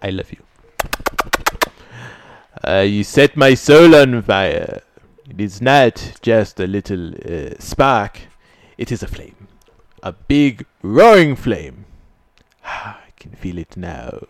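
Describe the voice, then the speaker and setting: A man playing a lovesick male cartoon suitor, reciting a passionate declaration in a slow, hushed, melodramatic way. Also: fairly low pitch, sing-song, dry recording, pitched below the performer's own voice, heavily acted. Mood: swooning.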